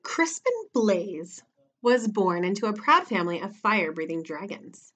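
A woman teacher reading a picture book aloud for preschool children, in an expressive, animated way. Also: medium pitch, normal speed. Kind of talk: storybook read-aloud for children.

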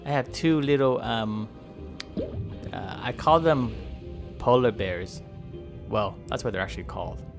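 A man's voice: mid-range voice, measured pace, gravelly, pauses often, over music. A man voicing a chatty, friendly male bowhead whale who rambles, jokes and trash-talks polar bears. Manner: rambling, joking, trash-talking. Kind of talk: playful game commentary role-play.

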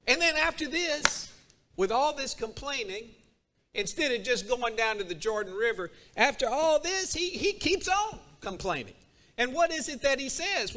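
Animated high-voiced male preacher. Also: moderate pace. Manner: animated, acts out a character's complaints. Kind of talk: sermon. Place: church sanctuary.

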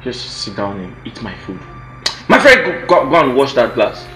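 A man's voice: medium pitch, sing-song, moderate pace, pushed and bright, reverberant, soft background music. An actor with a Nigerian accent playing a bossy husband scolding his spouse in a film drama. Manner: mocking, scolding. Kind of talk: film acting.

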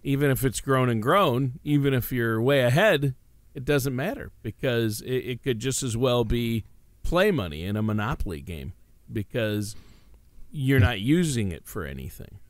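A man's voice: medium pitch, lively intonation, moderate pace, dry recording. A man co-hosting a radio talk show, chatting in an easygoing way with many uh fillers. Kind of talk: casual chat.

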